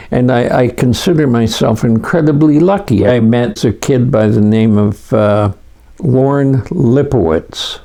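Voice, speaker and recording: An older man in his eighties recalls the past for a documentary interview. He speaks at a slow, leisurely pace with a warm, soft tone. His storytelling drifts along, broken by frequent pauses. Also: mid-range voice, gravelly. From Canada.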